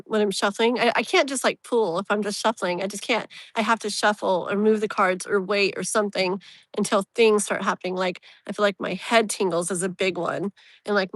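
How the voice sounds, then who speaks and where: A woman's voice: mid-range voice, dry recording. A woman hosting a casual live tarot reading, rambling and emotionally open, with lots of fillers. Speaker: tarot reader, live stream host.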